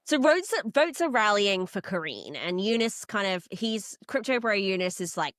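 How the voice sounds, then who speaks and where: A young Australian woman co-hosting a casual recap chat, animated and gossipy, often slipping into comic voices. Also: mid-range voice, normal speed, no echo, clean studio sound. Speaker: podcast co-host.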